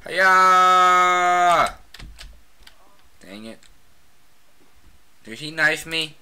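A gamer giving casual, excitable commentary while playing a shooter, trash-talking opponents with frequent shouted outbursts. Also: medium pitch, takes it slowly, a little hiss or hum.

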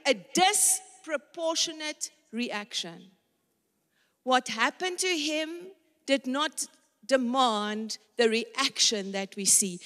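A woman's voice: a little high, a bit bright, long reverb tail. A woman preacher giving a dramatic sermon, acting out the lines of the people in the story and talking straight to the women listening. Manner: dramatic, acts out the characters' lines; talks directly to women in the audience.

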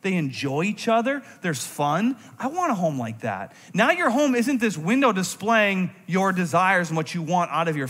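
A man preaching a sermon in a church, animated, moving between intense emphasis and quiet reflective moments. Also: sits high. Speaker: pastor. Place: church sanctuary. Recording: long hall reverb from a church sanctuary.

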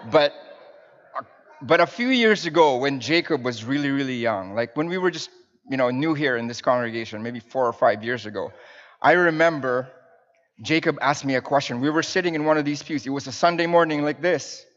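A man in his thirties, a minister, preaches a sermon in a church sanctuary with pews, warmly telling family stories to the congregation with fillers and restarts. His voice is medium-pitched and a little fast, and the recording sounds dull in the reverberant hall.

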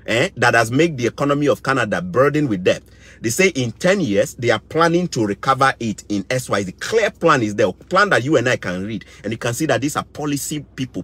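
A man's voice: mid-range voice, breathy edge. A middle-aged Ghanaian man with a Ghanaian English accent, giving impassioned commentary, indignant and repeating phrases for emphasis. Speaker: vlogger.

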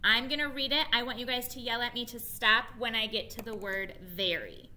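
A woman teacher giving a reading lesson to young children, spelling and sounding out words slowly and asking them to repeat after her. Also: a little high, steady tone, bright, forceful tone, slight background noise.

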